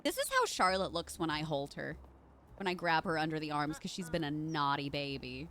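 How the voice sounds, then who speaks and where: Brief: young woman streamer, bright, animated, excitable and foul-mouthed, faint background noise. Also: deep voice, brisk. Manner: excitable, swearing, shrieks in panic. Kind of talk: live game stream commentary.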